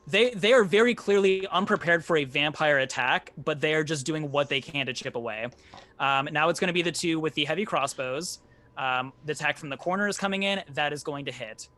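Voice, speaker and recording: A man's voice: fairly high pitch, brisk, pushed and bright. A man running a tabletop game as game master, narrating combat loosely with fillers and swearing.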